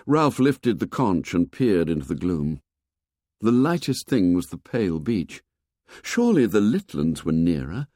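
A man narrating a novel in a measured, expressive storytelling voice that grows low and soft in tense passages. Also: no room sound, clean studio sound. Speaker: audiobook narrator. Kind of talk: scripted narration.

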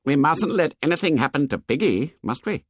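A man's voice: medium pitch, very animated, moderate pace, fairly bright tone, no room sound, clean studio sound. A man voicing a tense, proud boy leader who speaks hotly and sneers. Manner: hot, clipped, challenging.

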